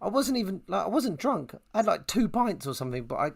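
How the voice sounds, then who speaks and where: A man's voice: high voice, fast talker, gravelly. A man, co-hosting a podcast and chatting casually, acting out the people in his stories. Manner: animated storyteller acting out quotes. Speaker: podcast co-host. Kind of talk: casual chat, storytelling.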